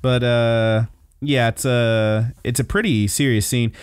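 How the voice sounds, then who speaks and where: A man's voice: medium pitch, steady tone, takes it slowly, smooth, dry recording, clean studio sound. A man hosting a podcast, recapping episodes in a laid-back, casual way and swearing freely. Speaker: podcast host.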